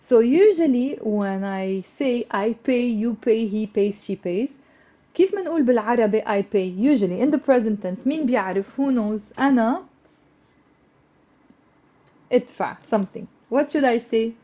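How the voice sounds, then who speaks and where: A woman teaching a live online language lesson, slowing down and repeating words so her students can follow, then coaxing them to answer. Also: a little high, animated, mellow, muffled recording. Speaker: Arabic teacher.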